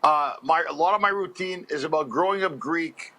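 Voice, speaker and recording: A comedian from Montreal tells stories as an interview guest, animated and quick to laugh. His voice is high and bright, pushing through each anecdote. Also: poor audio. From Montreal, Canada. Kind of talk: storytelling interview chat.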